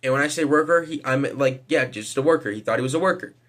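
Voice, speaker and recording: A man's voice: mid-range voice, fast, fairly bright tone. A man giving casual vlog commentary, hesitant, with lots of fillers and casual swearing. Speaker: vlogger.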